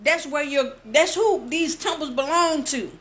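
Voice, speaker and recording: High-voiced woman preaching with passion. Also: a bit bright. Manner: impassioned, addresses listeners directly; slows down to stress scripture phrases. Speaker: bible teacher. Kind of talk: reading scripture and preaching.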